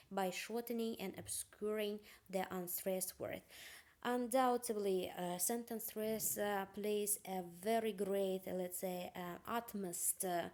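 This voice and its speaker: A woman delivers a university phonetics lecture. She talks at a middling pitch and speaks carefully and hesitantly, often filling gaps with "uh" and restarting her phrases. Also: a little mellow. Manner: hesitant, many fillers and restarts.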